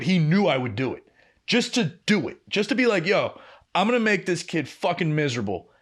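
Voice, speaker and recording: Young male podcast co-host, slightly high voice, lively swooping delivery, swears freely while spinning an anecdote. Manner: animated, profane anecdote-telling. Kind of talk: casual storytelling chat.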